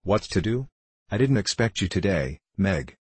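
A man voicing a cheerful old working-class father with homely, excitable speech. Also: low voice, moderate pace, breathy edge, dry recording, exaggerated voice. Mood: surprised.

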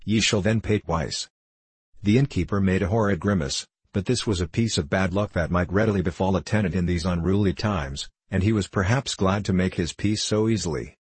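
A man narrating a classic novel in a measured, even storytelling manner on a close studio mic. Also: deep voice, slightly rough, no room sound. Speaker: audiobook narrator.

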